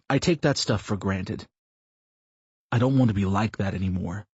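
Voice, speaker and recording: A man's voice: fairly low pitch, darkish tone, breathy edge, dry recording. A man playing an earnest middle-aged husband. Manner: earnest, a bit hesitant. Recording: slightly muffled recording.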